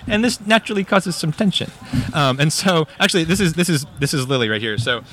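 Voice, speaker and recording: Animated, bright-voiced male storyteller. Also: a little high, quick pace. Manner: animated, hyperbolic, chatty with fillers. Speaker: guest, storyteller. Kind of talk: casual interview chat.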